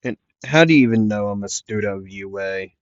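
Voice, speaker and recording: A man's voice: on the low side, fairly quick, dry recording, natural voice. A man voicing a guarded teenage boy who questions a stranger, recorded dull and dry. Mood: wary. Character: wary teenage boy hero, sixteen or so.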